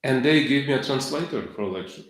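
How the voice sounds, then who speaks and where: A middle-aged man giving a devotional lecture in halting English, full of fillers and self-corrections, with chuckles between points. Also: mid-range voice, lively intonation. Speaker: lecturer on scripture. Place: temple lecture hall. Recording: very echoey lecture hall.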